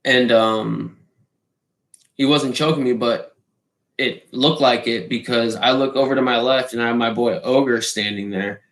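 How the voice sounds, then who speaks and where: A man telling a wild party story in a casual, profane, animated way, swearing freely and acting out the hits with sound effects. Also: mid-range voice, unhurried. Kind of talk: casual anecdote. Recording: roomy echo.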